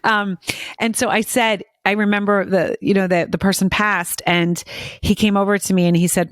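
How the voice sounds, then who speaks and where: A woman's voice: medium pitch, moderate pace, dry recording, clean studio sound. A middle-aged woman hosting an interview, talking openly and emotionally, telling stories with many restarts. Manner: emotional, animated storyteller with frequent restarts. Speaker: podcast host. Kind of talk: casual interview chat.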